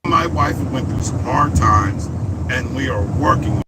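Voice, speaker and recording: A man's voice: mid-range voice, expressive, measured pace, very noisy. A man ranting bluntly and defensively, trading insults in a played clip. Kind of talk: insulting rant.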